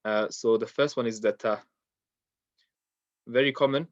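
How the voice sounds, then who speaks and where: A man's voice: medium pitch, steady tone, a little slow, dry recording, muffled recording. Patient man teaching tajweed. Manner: patient, repetitive, many ums and uhs. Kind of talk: online class lesson.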